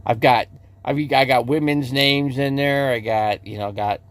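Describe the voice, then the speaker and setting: A man's voice: medium pitch, fairly even intonation, measured pace, fairly bright tone, no room sound. A man livestreaming casual chat from inside his RV, rambling and restarting his sentences as he talks to viewers in the chat. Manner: rambling, with many restarts and repeated words.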